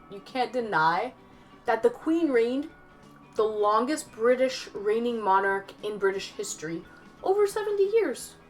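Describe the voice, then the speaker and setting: A woman livestreaming and casually answering her chat aloud, rambling and chatty with some swearing. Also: fairly high pitch. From Canada.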